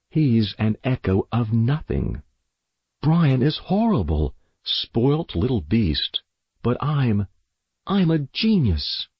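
A man's voice: fairly low pitch, gravelly, husky, dry recording, dull audio, voice pushed up, heavily acted. A man reading a storybook voices a dramatic, self-pitying sixteen-year-old girl, raising his voice somewhat.

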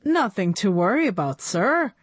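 A woman's voice: medium pitch, sing-song, moderate pace, slightly rough, dry recording. A woman reading aloud, voicing a flustered male school principal who nervously reassures his boss.

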